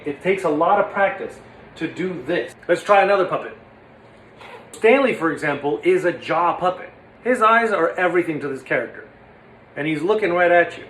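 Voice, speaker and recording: A man teaching puppetry in a casual, energetic, demonstrative way. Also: high voice, echoey room, a little hiss or hum. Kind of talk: casual instructional talk.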